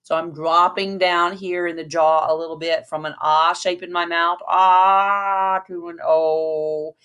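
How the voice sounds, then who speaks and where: A woman's voice: lowish voice, flat delivery, moderate pace, pushed and bright, clean tone, dull audio. A woman band teacher giving a patient lesson, counting aloud and demonstrating breaths and mouth shapes.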